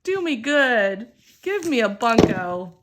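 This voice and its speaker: A woman's voice: on the high side, big pitch swings, slow, very noisy. A middle-aged woman hosting a budgeting channel, chatting casually and expressively while counting aloud through a savings game.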